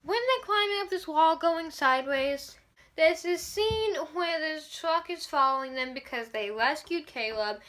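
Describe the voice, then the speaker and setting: A woman's voice: sits high, lively intonation, a little slow, fairly bright tone. A woman reviewing a movie in a casual, sarcastic, exasperated rant, swearing freely.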